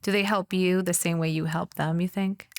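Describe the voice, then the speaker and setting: Podcast host lady, lowish voice, short friendly questions. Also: fairly even intonation, moderate pace. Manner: brief encouraging prompts and questions. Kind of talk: interviewing a guest.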